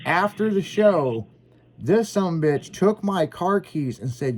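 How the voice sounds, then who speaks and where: A man's voice: sits high, slow. A man with a slightly raised voice tells road stories with gusto and plenty of swearing. He plays both sides of old phone calls as he recounts them. A faint noise sits under the recording. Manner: profane, animated storyteller acting out both sides. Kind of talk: casual podcast storytelling.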